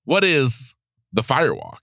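An earnest male podcast host speaks to his listeners directly and with encouragement. His voice is bright and forward, and his pitch swings widely. The sound is dry and close, with no room around it. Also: huge pitch swings, unhurried, creaky, dry recording. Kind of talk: motivational solo podcast talk.

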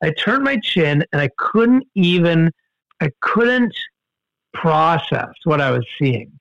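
A man telling a story in casual conversation, animated, with many fillers and restarts. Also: slow, vocal fry, no room sound, highs cut off. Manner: animated, jumps in pitch for quoted outbursts, many fillers and restarts. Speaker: guest storyteller.

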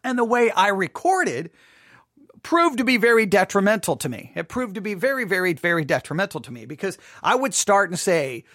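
A man's voice: high-pitched, big pitch swings, a little fast, fairly bright tone, no echo. A man hosting a live podcast from his studio, telling a self-deprecating story in a chatty way, often asking "right?". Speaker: podcast host. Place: home studio.

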